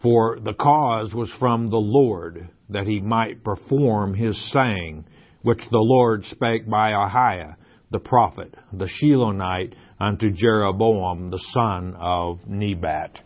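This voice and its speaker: A man's voice: lowish voice, slow pace, lo-fi sound. A man teaching the Bible verse by verse, reading scripture aloud and then explaining it in plain talk with fillers.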